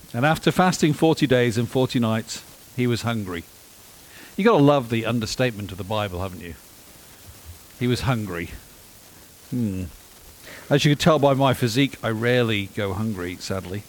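A man delivering a sermon, animated and emphatic, with dry self-deprecating humor. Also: mid-range voice, brisk, rough recording. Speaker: preacher.

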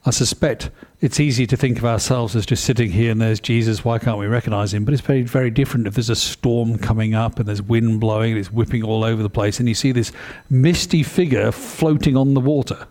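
A male preacher delivers a sermon at an ordinary pitch. His tone is mellow and relaxed, and his delivery stays conversational and animated. He keeps stopping to ask his listeners questions. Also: a little fast, few pauses.

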